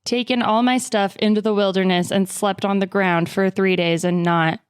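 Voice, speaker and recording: A woman's voice: medium pitch, fairly even intonation, moderate pace, smooth, no room sound, clean studio sound. A woman chatting casually on a tabletop game podcast, rambling with lots of likes and uhs. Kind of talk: casual chat.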